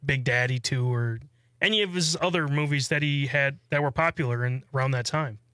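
A man's voice: medium pitch, a little fast, fairly bright tone, no room sound, clean studio sound. A man co-hosting a casual radio talk show in an easygoing way, often laughing.

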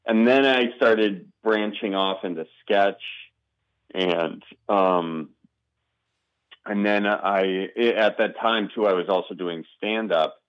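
A man with a Wisconsin accent talks as an interview guest, relaxed and rambling with plenty of ums. His voice sits low. The recording is dry and a little dull. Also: takes it slowly, clear, resonant tone, no echo. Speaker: guest, comedian and video maker. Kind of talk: casual interview chat.

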